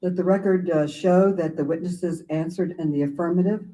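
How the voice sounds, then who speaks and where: Woman chairing a hearing, very dark-toned. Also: on the low side, fairly even intonation, low-quality recording. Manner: brisk, procedural. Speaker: committee chairwoman. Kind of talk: formal hearing procedure.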